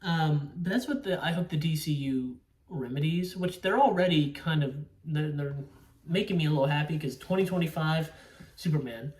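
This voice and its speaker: A man's voice: on the high side, normal speed, darkish tone. Profane, rambling male movie ranter. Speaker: movie reviewer. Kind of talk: casual ranting review. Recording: echoey room, distant from mic.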